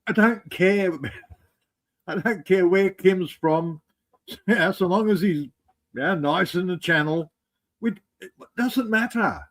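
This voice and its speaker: A man's voice: high-pitched, slow, long pauses. A man co-hosting a casual live-stream chat, teasing and joking with wry asides.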